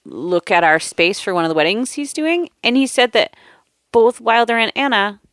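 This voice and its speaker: A woman's voice: fairly high pitch, expressive, normal speed, fairly bright tone, no echo. A woman co-hosting a community radio show, chatting in an easygoing, matter-of-fact way into a studio microphone. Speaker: radio co-host. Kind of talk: casual studio chat. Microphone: studio microphone with headphones. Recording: dry close studio sound.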